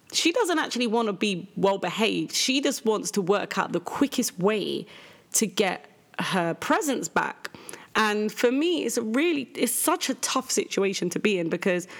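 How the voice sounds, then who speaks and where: A young adult woman hosting a podcast, telling a candid, animated story about her daughter and jumping up in pitch when she quotes people. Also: a little slow. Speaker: podcast host. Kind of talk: casual storytelling monologue.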